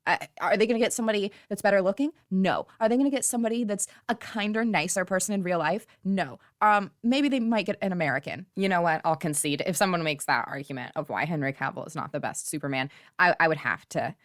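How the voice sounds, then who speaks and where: A woman talks about films in a casual vlog, swinging between gushing excitement and dry sarcasm. Her voice sits a little low for a woman. The sound is close and dry, with no room around it. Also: quick pace, hardly any pauses, no echo. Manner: gushing, animated, sarcastic asides. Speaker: movie vlogger. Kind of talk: casual chat.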